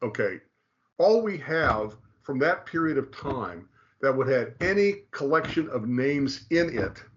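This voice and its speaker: A man's voice: medium pitch, fairly bright tone. A man explaining scripture in casual talk, lecturing with frequent restarts and checks of "okay". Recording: dull lo-fi sound.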